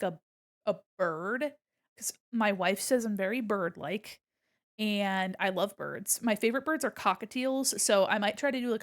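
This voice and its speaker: A woman's voice: on the high side, a bit bright. A woman streamer chatting casually with her viewers while she draws, giggling often and swearing now and then. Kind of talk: casual livestream chat while drawing.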